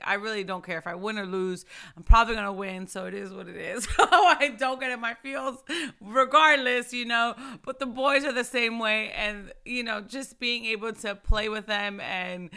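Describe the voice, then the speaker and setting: A woman in her thirties hosting a casual, heartfelt Christian talk show, lively and laughing often, speaking into a microphone. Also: mid-range voice, smooth. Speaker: host of a Christian ministry video show. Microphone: microphone in front of her.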